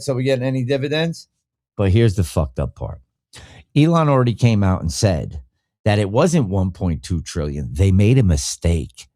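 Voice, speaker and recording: Blunt, profane man with lively pitch. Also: dry recording, clean studio sound. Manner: talks back to chat viewers by name. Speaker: podcast host. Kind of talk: casual live-stream chat reacting to viewer comments.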